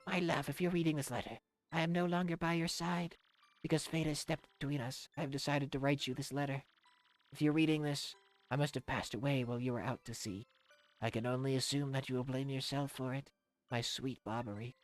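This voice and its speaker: A soft-spoken young woman reading her farewell love letter, as a man puts her on, earnest and gentle. The voice is raised above the performer's own pitch. The recording is dry and close. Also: fairly even intonation, brisk, no echo, close to an everyday voice. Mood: tender.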